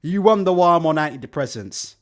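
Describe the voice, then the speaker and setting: A man's voice: a little high, brisk. Sarcastic man ranting about boxing. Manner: profane, sarcastic, animated. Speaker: boxing show host. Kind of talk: live-stream rant.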